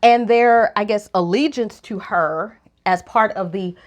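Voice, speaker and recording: A woman co-hosting a relationship podcast, talking in a lively, opinionated way, her voice jumping up high when she is incredulous. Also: unhurried. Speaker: podcast co-host. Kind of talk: casual opinion chat.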